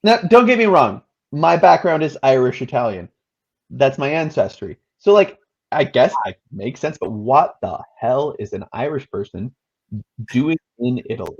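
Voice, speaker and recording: A man's voice: mid-range voice, very animated, normal speed, gravelly, darkish tone, husky, highs cut off. A man co-hosting a casual movie chat, making dry, wry remarks. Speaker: co-host.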